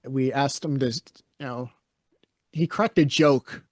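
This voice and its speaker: A man's voice: mid-range voice, slow, darkish tone, no room sound, studio quality. Blunt, opinionated male podcast co-host. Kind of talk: casual podcast chat.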